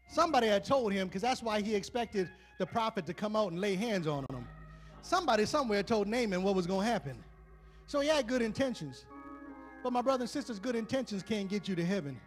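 A man preaching a sermon, swinging from loud exhortation to a soft altar call and prayer in a church. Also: high voice, very animated, fairly quick. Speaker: pastor. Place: church sanctuary. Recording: live church stream with faint music.

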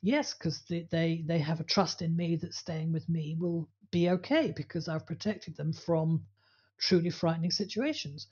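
A woman's voice: on the low side, moderate pace, darkish tone, breathy edge, dull audio. A woman co-hosting a podcast about dog training, talking casually and telling anecdotes with acted-out voices. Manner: storytelling, acts out voices in anecdotes.

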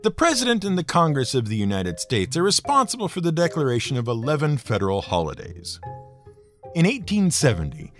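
A man's voice: on the high side, wildly swooping pitch, brisk, fairly bright tone, soft background music. A man narrating a scripted podcast episode in a wry, playful storytelling manner with dry asides. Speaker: podcast host.

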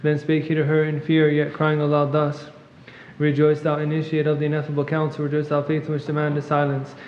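A man reading a long liturgical hymn in rapid chant at a monastery service, clearing his throat now and then. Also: a little high. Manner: fast monotone recitation, clears throat at times. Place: church. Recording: echoey church, long reverb, muffled.

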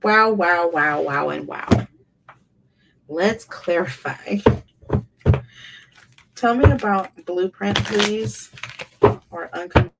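Woman, tarot reader, gravelly, emphatic, repeats words, slightly distant mic. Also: medium pitch, drawn-out words, long pauses, very noisy. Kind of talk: tarot reading monologue.

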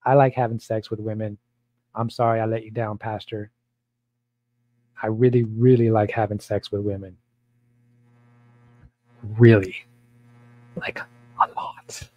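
A man's voice: lowish voice, little pitch movement, a little slow, pauses often, warm tone, poor audio. A man who is a pastor, talking in a blunt, provocative, rambling way with many repeats during a casual Bible study.

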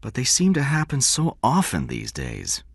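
A woman's voice: a bass voice, huge pitch swings, moderate pace, vocal fry, breathy edge, no echo, studio quality, pitched above the performer's own voice, exaggerated voice. A man reading an audiobook, voicing a troubled woman of thirty-two who asks anxious questions.

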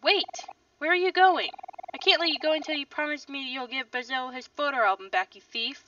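A woman's voice: high-pitched, fast, bright, forceful tone, dry recording. A woman reading a video game's lines as an earnest, stubborn teenage boy who confronts an old friend and pleads with her. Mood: pleading. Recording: slightly distant, dull lo-fi mic.

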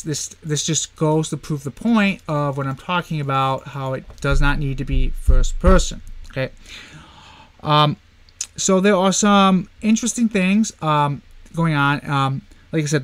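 A man giving a casual online poetry lesson, talking informally with many fillers and slowing down to read verse aloud and mark its beat. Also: a little high, fairly bright tone, clear, resonant tone. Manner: chatty, many fillers and "guys", reads verse slowly to stress the beat. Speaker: poetry teacher.

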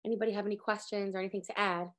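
A woman in her thirties teaching a lively Torah class, acting out quotes with sudden jumps in pitch. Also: rapid-fire. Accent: sprinkles Hebrew words. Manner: animated, acts out quotes with big pitch jumps.

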